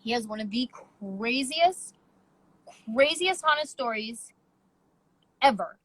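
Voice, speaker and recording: Woman podcast host, slightly high voice, big emphatic storytelling, casual chat. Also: dry recording, poor audio. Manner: animated, emphatic storytelling with quick asides.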